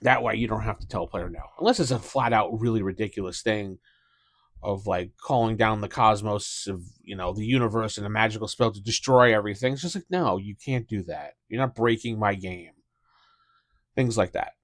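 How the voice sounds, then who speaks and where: A middle-aged dungeon master speaks to camera on his own channel about tabletop gaming, rambling casually with many fillers and restarts. His voice is on the low side and brisk, with no echo.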